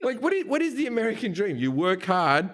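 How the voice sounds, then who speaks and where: A man's voice: high voice, a little fast. A middle-aged Australian comedian in a podcast interview, swearing and mocking as he rants. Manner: swearing, animated, mocking impressions. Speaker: comedian guest. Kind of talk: podcast interview, comic rant.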